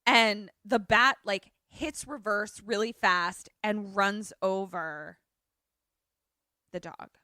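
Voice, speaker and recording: Animated woman retelling a film plot. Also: mid-range voice, dry recording, clean studio sound. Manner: animated storyteller, acts out characters in quick voices. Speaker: podcast co-host.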